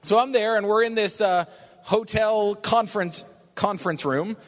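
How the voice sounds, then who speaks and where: A man telling an animated story to an audience at a business talk, chatty and often asking "right?". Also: high-pitched, normal speed. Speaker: business opportunity speaker. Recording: long reverb of a large hall.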